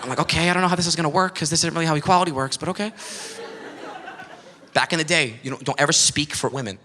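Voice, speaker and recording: A man's voice: a little high, quick pace, big-room sound. A young man doing a stand-up routine, ranting and exasperated, mimicking voices in bits. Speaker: stand-up comedian. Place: comedy club stage. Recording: live club audience laughing, noisy room.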